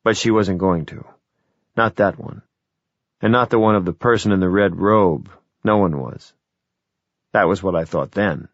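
Low-voiced man narrating an audiobook. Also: no echo. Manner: measured, reflective first-person storytelling. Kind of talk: scripted narration. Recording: dry, dull lo-fi audio.

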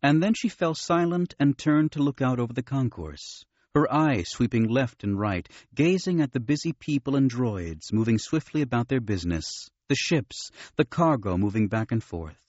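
A man narrating an audiobook with steady, expressive storytelling. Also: medium pitch, moderate pace, hardly any pauses, no room sound. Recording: dull, dry studio recording.

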